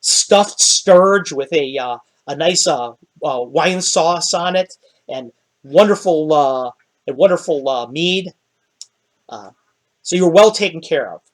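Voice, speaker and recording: A man's voice: on the high side, lively intonation, slow pace. A man narrating a tabletop game as dungeon master, rambling with many fillers.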